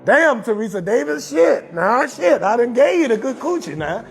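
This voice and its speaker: A man's voice: extremely high pitch, big pitch swings, moderate pace, vocal fry, soft background music, full character voice. A man voicing an exasperated, cursing God. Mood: disgusted. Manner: cursing, disappointed, mock-scolding. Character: exasperated male God scolding a sinner.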